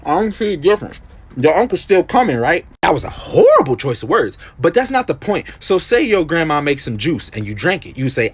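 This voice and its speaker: Husky, animated young man. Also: fairly high pitch, a little fast. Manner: loud, animated, incredulous. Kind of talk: comedic sketch skit.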